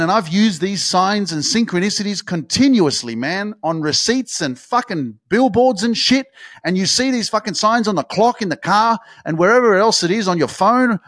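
A man's voice: high-pitched, fairly bright tone, no echo, studio quality. A man hosting a podcast, delivering a motivational monologue in an intense, swearing pep-talk style full of repetition and emphasis. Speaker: podcast host.

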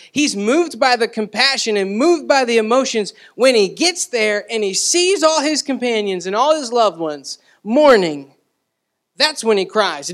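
A man's voice: extremely high pitch, fairly bright tone. A man preaching a sermon as pastor, in a conversational way, repeating words and asking the congregation questions.

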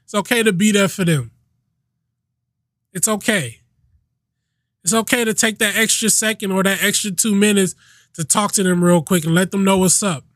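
High-voiced man ranting on his podcast. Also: steady tone, normal speed, pauses often, fairly bright tone, dry recording, clean studio sound. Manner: emphatic, repetitive, swears freely. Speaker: podcast host. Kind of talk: casual solo rant.

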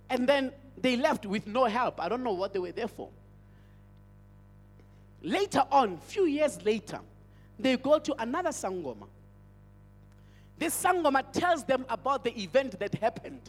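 A man's voice: very high voice, big pitch swings, normal speed, pauses often. A male pastor with a South African accent, preaching a sermon as an emphatic storyteller who repeats his phrases. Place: church hall. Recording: church hall with long reverb.

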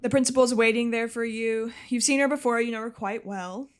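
A woman's voice: on the high side, fairly even intonation, fairly quick. A woman narrating a tabletop role-playing game as game master, casual and laughing often.

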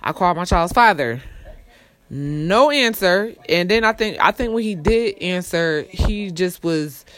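A young woman tells her story as a casual, unfiltered rant. She swears constantly and talks bluntly. Her voice drops to low mutters and then jumps into loud, exasperated outbursts. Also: expressive, unhurried. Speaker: storyteller vlogger.

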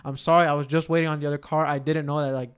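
A man's voice: fairly high pitch, flat delivery, rapid-fire, clean tone. A young man, co-hosting a podcast and telling a story in a loose, profane, slangy way. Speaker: podcast co-host. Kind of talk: casual chat, storytelling.

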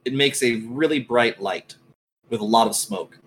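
A man running a tabletop game as game master, narrating scenes in a measured, descriptive way. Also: mid-range voice, poor audio.

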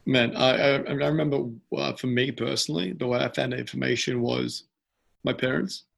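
A man's voice: mid-range voice, fairly even intonation, normal speed, creaky, fairly bright tone. A man in casual chat, often repeating words as he starts a thought.

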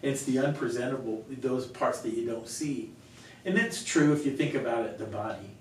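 Earnest pastor in an echoey room. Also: male voice, normal speed. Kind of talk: conversational Q&A teaching. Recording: echoey room, mic far off, faint rumble.

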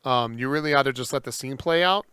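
Bright-voiced man ranting on a podcast. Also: medium pitch, fast talker, clean tone, no echo, studio quality. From Japanese heritage. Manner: opinionated, ranting. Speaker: podcast co-host. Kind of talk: casual chat.

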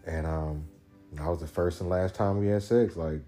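Solo podcast host, male, deep low register, casual rambling profane storyteller. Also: steady tone, moderate pace, mellow, faint music behind. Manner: loose, profane, rambling with many restarts.

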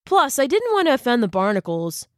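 A woman's voice: on the high side, wildly swooping pitch, a little fast, no room sound, studio quality. A woman voicing a laid-back young male hermit crab who talks in easygoing surfer slang, in a storybook reading. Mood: apologetic.

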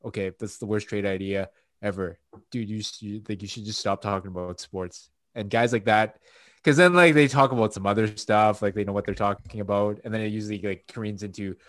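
A man's voice: on the low side, fairly even intonation, a little fast, dry recording. Canadian-raised guy ranting on a podcast, swears a lot, gets all worked up, dry close mic. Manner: profane, gets worked up mid-rant. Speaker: podcast co-host. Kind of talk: casual chat.

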